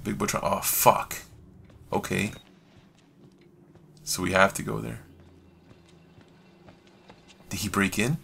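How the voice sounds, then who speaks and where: A man doing let's play commentary on a horror game, swearing constantly in slang and yelling when he panics. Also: lowish voice, level tone, slow, vocal fry, long pauses, a little hiss or hum. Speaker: gamer playing a horror game.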